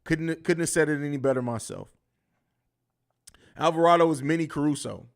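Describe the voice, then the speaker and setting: Guy with a high voice hosting a live sports stream, blunt and swears a lot. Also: normal speed, clear, resonant tone. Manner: blunt, profane, riffing. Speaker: podcast host.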